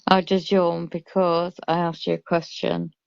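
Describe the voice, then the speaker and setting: A British woman on a live stream, chatting casually and reading out chat comments in a slow, drawn-out way. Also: fairly low pitch, little pitch movement, vocal fry, no echo. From Britain. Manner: reads chat comments aloud slowly. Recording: dull lo-fi live stream audio.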